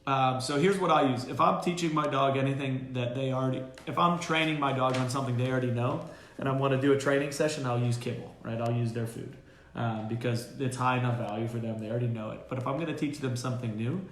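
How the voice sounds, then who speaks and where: A man's voice: mid-range voice, fast talker. A man hosts a casual dog-training chat, telling stories with energy and tripping over fillers and restarts. His voice sits mid-height and carries a roomy echo from the kennel room. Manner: animated storyteller, many fillers and restarts. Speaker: dog trainer and show host.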